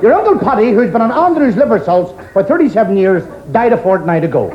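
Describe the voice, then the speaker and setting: High-voiced comedian reading a joke letter. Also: male voice, very animated, fast talker. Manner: reads out a comic letter, laughing at his own gags. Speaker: stand-up comedian. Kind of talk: stand-up routine. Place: club stage with a live audience. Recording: echoey dull videotape with loud crowd and hiss.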